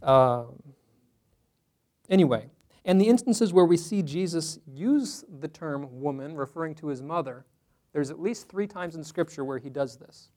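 A man's voice: a little high, expressive, a little slow, dark tone. A man teaching a Bible study class to a small group in a room, talking conversationally and asking the group questions.

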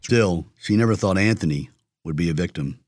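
A man giving measured scripted documentary narration. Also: low voice, darkish tone.

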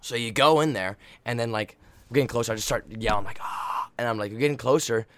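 A man's voice: medium pitch, fast, fairly bright tone, no echo. A young man telling a rambling, profanity-laced story in casual chat, hyped-up and emotional. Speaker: podcast co-host, volleyball player.

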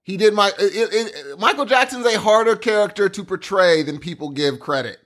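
A man co-hosting a casual chat, chatty and excitable, telling stories. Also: sits high, fairly quick.

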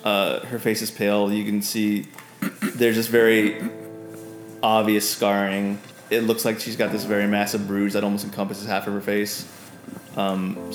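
A man running a tabletop game as game master, narrating in a rambling way with many fillers. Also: on the low side. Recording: roomy sound with music behind.

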